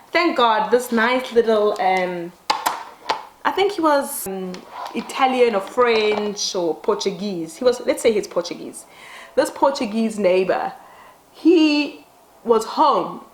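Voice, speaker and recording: Woman, beauty vlogger, get-ready-with-me story, animated, swears casually, raised pitch, echoey room. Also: a little hiss or hum. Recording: roomy echo.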